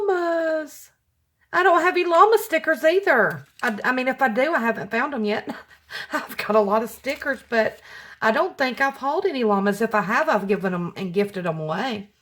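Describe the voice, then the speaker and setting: A middle-aged woman chatting through a craft mail unboxing, gushing, her voice jumping up high when she gets excited. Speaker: craft vlogger. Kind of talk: casual unboxing chat.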